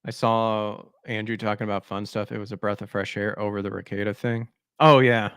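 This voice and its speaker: A man's voice: fairly low pitch, little pitch movement, a little fast, a bit bright, clean tone, no room sound, clean studio sound. A man hosting a gaming podcast, ranting sarcastically about news articles in a mocking, crude way. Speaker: podcast host.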